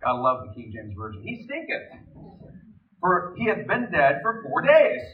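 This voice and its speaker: A man preaching a sermon in an animated way, reading scripture aloud between his own remarks. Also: mid-range voice, normal speed. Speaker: pastor. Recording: distant, echoey, phone-like sound.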